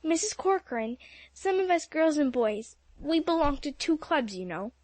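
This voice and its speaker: Woman reading as earnest teen boy, polite, hurried, lifted pitch, close dry mic. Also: big pitch swings, a little mellow, no room sound.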